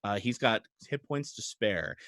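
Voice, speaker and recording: A man running a tabletop game as game master, narrating with animated, chuckling energy and frequent hesitations. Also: lowish voice, measured pace, no room sound.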